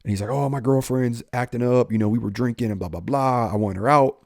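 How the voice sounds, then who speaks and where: A man's voice: medium pitch, quick pace, creaky, dry recording, clean studio sound. Man telling a raw personal story. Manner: animated, acts out dialogue with slang. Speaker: police officer and guest. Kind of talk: candid storytelling.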